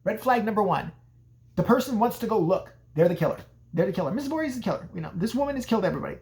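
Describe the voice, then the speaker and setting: A man's voice: high-pitched, animated, very fast, a little mellow. A man casually recapping a horror movie in a profane, sarcastic way. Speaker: movie reviewer.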